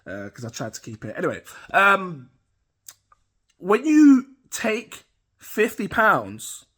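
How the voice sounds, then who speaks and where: A man's voice: high-pitched, pushed and bright. A middle-aged British man rambling casually to camera as a crypto channel host, chatty and self-amused. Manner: rambling, chatty, laughs at himself.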